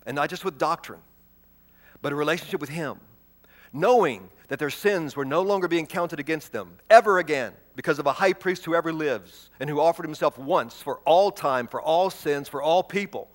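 A man preaching a sermon, reading scripture aloud and stressing key words with repetition, moving between loud proclamation and soft, hushed delivery. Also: fairly high pitch, moderate pace. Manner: emphatic, repeats key words, swings from loud proclaiming to soft near-whisper.

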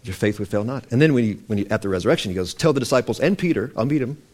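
Animated man preaching with a lively voice. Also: medium pitch, racing. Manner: animated, emphatic, quoting scripture with rising and falling voice. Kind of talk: sermon-style teaching.

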